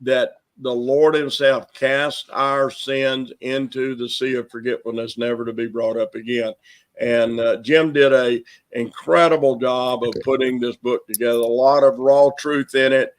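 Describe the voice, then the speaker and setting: A man's voice: medium pitch, flat delivery, a little slow. A man with a Southern US accent, a minister hosting the show, talking in a folksy, joking way. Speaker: minister and host. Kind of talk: casual chat.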